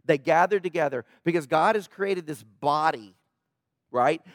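A man's voice: a little high, a little slow, no room sound, studio quality. A man preaching a sermon as pastor, in a conversational way that keeps asking the congregation "right?", and raising his voice when he quotes a prayer. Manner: dramatic quoting of prayer in a raised voice.

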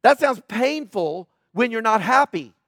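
High-voiced male pastor, dry sound. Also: expressive, measured pace, no echo. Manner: conversational and sarcastic, dropping into quiet asides. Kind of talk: sermon.

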